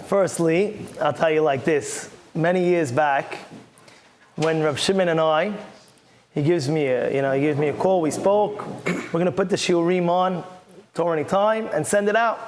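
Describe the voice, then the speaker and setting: High voiced rabbi dude telling a fast lively story, laughing along. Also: male voice, slight background noise. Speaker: rabbi guest. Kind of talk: storytelling interview.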